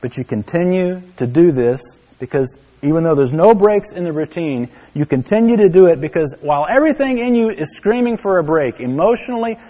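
A man preaching a sermon, telling a story to his listeners, dropping to a hush and then rising to exclaim. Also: a little high, lively intonation, a little fast, hardly any pauses, long reverb tail. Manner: storytelling, swinging from hushed to exclaiming. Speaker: pastor.

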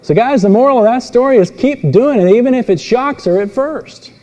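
A man preaching an expository sermon, telling stories with voiced characters and moving between emphatic and quiet delivery. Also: extremely high pitch, a little fast. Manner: animated storytelling with voiced characters. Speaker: pastor. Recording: long reverb in a large hall.

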